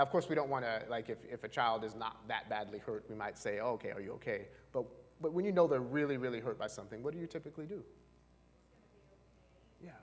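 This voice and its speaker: A male marriage and family therapist giving a chatty seminar talk to a live audience, often asking them questions. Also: mid-range voice. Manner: chatty, asks the audience questions, frequent fillers. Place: church hall. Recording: long hall reverb.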